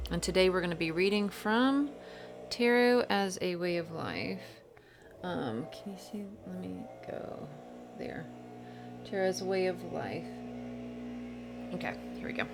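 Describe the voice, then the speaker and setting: Low-voiced woman chatting about tarot. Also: creaky. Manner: chatty and meandering, with many fillers and restarts. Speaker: tarot teacher. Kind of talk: casual tarot study, reading aloud from a book.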